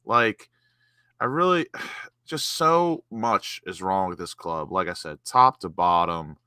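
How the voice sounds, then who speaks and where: Man, angry, swearing, sighing, low bright voice, dry close sound. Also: expressive, takes it slowly, clean tone, no echo. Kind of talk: casual post-match chat.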